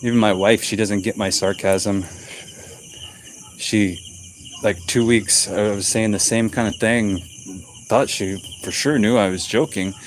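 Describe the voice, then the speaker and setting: A middle-aged man talks in an unhurried, rambling drawl, joking about himself with dry sarcasm. He is vlogging outside at night in a quiet rural spot, with crickets and a faint hiss of night air around him. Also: on the low side, fairly even intonation. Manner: slow, rambling, self-mocking sarcastic talk. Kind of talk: casual night-time vlog. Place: outdoors at night in a rural yard.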